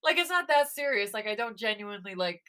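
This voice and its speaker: A woman's voice: medium pitch, very animated, fast, pushed and bright. A young woman co-hosting a podcast, giggly and playfully teasing in casual chat. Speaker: podcast co-host.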